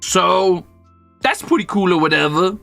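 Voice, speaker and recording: Lively, gravelly young man streaming. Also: measured pace, soft background music. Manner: animated storyteller, jumps into high squeaky voices when quoting; swears casually, jokey. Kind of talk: casual chat while gaming.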